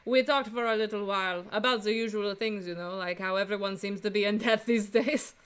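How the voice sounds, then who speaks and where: A woman's voice: mid-range voice, steady tone, a little fast, fairly bright tone, clean tone, close to an everyday voice. Woman doing a French-accented bird flower girl. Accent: put-on French.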